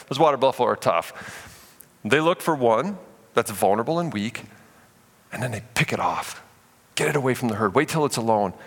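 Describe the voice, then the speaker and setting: A male pastor preaching a sermon in a church, animated and emphatic, often dropping low to stress a point. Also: long reverb tail.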